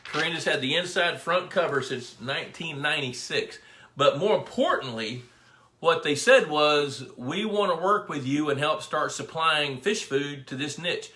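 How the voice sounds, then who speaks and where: A man's voice: a little high, lively intonation, normal speed, sharp tone. A middle-aged man hosting a casual live stream, rambling through stories and greeting viewers by name. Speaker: fisheries biologist hosting a live pond Q&A. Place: indoor room with his dog. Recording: echoey room.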